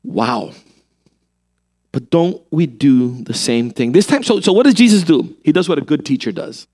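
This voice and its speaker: A man preaching a sermon as a pastor, animated and full of rhetorical questions. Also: fairly high pitch, normal speed.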